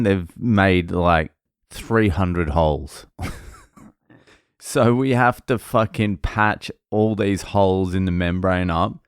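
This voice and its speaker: A man with a low, smooth, resonant voice tells a blunt, swear-laden story about his day in a casual vlog. The sound is dry and close, with no room echo. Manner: profane, blunt, rambling storytelling. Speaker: vlogger recounting his work day.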